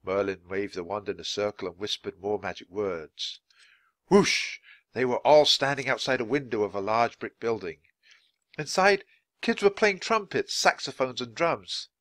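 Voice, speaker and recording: A man reads a children's chapter book aloud at a natural pace for English learners. His reading is clear and expressive, with lively rises and falls. The recording is close and dry. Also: fairly low pitch, normal speed, no echo. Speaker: storybook reader.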